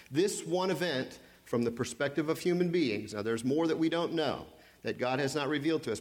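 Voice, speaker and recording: Man preaching with rhetorical questions. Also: mid-range voice. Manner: preaching with repeated rhetorical questions and emphatic pauses. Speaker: pastor. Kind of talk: sermon.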